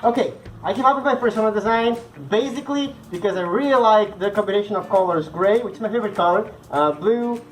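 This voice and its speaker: A man's voice: sits high, fast talker, hardly any pauses, a little hiss or hum, poor audio. Bubbly young man with a Portuguese-speaking accent. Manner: playful, bubbly and chatty. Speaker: vlogger answering fan questions. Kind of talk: casual chat.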